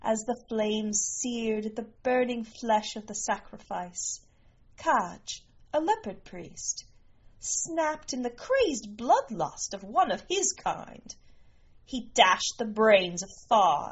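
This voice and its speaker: A woman narrating a story in a slow, measured way. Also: a little high, sing-song, breathy edge, highs cut off.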